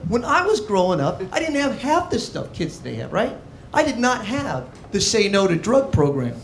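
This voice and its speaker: A man's voice: high voice, huge pitch swings, normal speed, vocal fry, a little hiss or hum. A man from Arizona doing a stand-up comedy set on a club stage, with a brash, mocking, punchy delivery into a handheld mic. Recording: echoey club with audience laughter.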